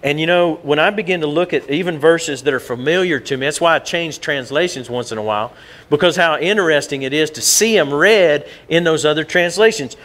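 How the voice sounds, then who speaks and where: A middle-aged man preaching a sermon as pastor, folksy and conversational, rising in pitch for emphasis. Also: a little fast, a bit bright.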